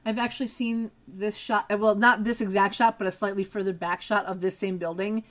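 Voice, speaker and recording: A woman's voice: medium pitch, steady tone, fairly quick. A young adult woman co-hosting a podcast, recapping a TV episode in casual chat with detailed, wry asides.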